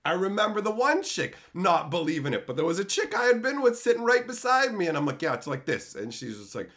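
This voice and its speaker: A Canadian man in his thirties rants crudely on a live stream, swearing freely and bragging. His high-pitched voice swings widely in pitch and moves fast, lurching from loud outbursts to mumbling.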